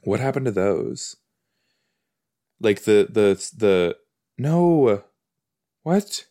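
Watching a TV episode from an indoor couch, a man chats casually, rambling, getting sidetracked and exclaiming often. His fairly low, dark-toned voice moves slowly with lively intonation.

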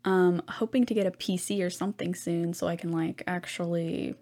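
A woman's voice: lowish voice, fairly even intonation, moderate pace, dark tone. Rambling young woman podcaster. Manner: rambling and chatty, lots of ums and asides. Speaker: podcast host. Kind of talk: casual solo podcast chat.

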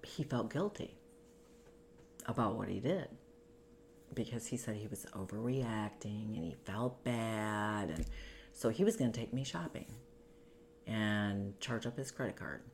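A woman's voice: very deep voice, unhurried, pauses often, darkish tone, slight background noise. A woman telling her own story in an interview, in a conversational way, acting out what others said.

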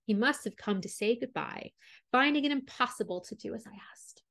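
A woman's voice: medium pitch, normal speed, darkish tone, natural voice. A woman voicing a proud young princess in a storybook reading, speaking in an imperious, demanding way. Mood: haughty.

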